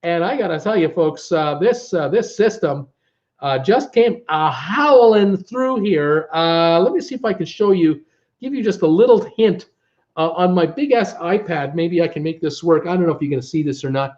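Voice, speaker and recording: Folksy Canadian man, higher-pitched, lo-fi. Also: animated, moderate pace, a little mellow. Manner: folksy and exasperated, with frequent uh fillers. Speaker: travel vlog host. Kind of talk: casual live-stream chat.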